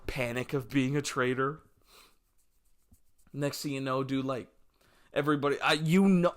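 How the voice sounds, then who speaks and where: A young man hosting a solo podcast, rambling through comic stories and acting out scenes in yelpy high voices, self-mocking and loose. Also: a bit bright. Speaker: podcast host. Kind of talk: solo comedic podcast monologue.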